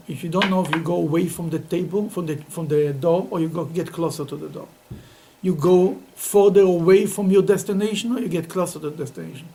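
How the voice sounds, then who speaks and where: Middle-aged rabbi guy teaching talmud, lively storytelling, laughs a lot, bit of hiss. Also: on the high side, vocal fry, low-quality recording. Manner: animated storytelling, laughs often, repeats words. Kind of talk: Talmud class lecture.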